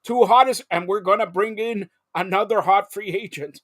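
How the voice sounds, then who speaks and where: A male host on a live sports talk show, excitable and jumping between topics with loud outbursts. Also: high-pitched, moderate pace, no room sound, studio quality.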